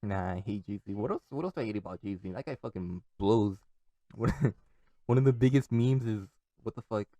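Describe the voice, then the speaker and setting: A man's voice: on the low side, moderate pace, mellow, no echo, highs cut off. A young man from California, rambling on his own podcast, swearing a lot and laughing at his own stories. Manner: profane, rambling, laughs often. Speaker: podcast host.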